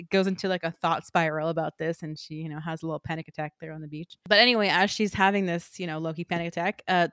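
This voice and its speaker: A woman co-hosting a podcast, casually recapping a novel in animated chat. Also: fairly low pitch, smooth, no room sound, clean studio sound. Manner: animated, acts out characters in quotes.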